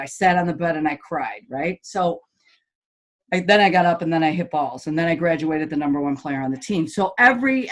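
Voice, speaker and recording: Blunt, lively middle-aged woman storyteller. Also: fairly low pitch. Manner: blunt, lively storyteller who acts out quoted voices. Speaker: golf teaching pro and motivational speaker. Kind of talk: storytelling in a podcast interview.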